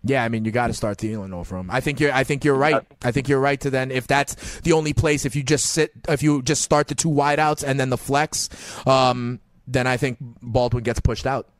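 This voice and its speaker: A man hosting a fantasy football call-in show, giving advice in an animated, sing-song way and often addressing callers by name. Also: medium pitch, brisk, hardly any pauses, no room sound. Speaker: fantasy football radio host.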